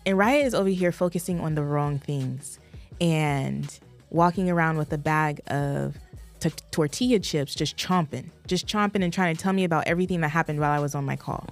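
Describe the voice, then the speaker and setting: A woman in her thirties co-hosting a podcast, telling a story in an animated way and laughing often. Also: low voice, fairly quick, soft background music. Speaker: podcast co-host. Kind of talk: casual chat.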